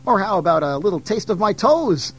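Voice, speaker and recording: A man's voice: sits high, expressive, fairly quick, rough recording. A man voicing a boastful, cheeky male monkey trickster who teases and gloats. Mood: teasing. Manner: teasing, smug and playful.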